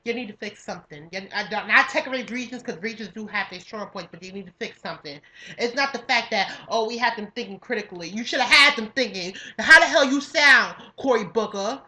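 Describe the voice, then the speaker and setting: A young woman from New York State rants casually on a podcast. Her voice sits a little high and rings bright and forceful. She talks in a profane, emphatic, slangy way, circling back over her own points. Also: expressive, a little fast. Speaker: podcast co-host. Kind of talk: casual ranting monologue.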